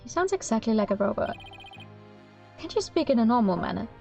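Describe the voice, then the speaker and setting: A woman streamer reads through a courtroom video game aloud, voicing the lines and tossing in playful, amused remarks. Her voice sits fairly high. Soft background music plays underneath. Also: sing-song, fairly quick, creaky, long pauses. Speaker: streamer playing a visual novel.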